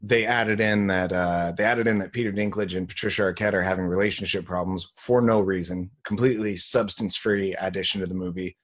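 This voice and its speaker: Man, podcast co-host, casual movie recap, laid-back, swearing, fairly low voice. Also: fairly even intonation, brisk, hardly any pauses, a bit bright.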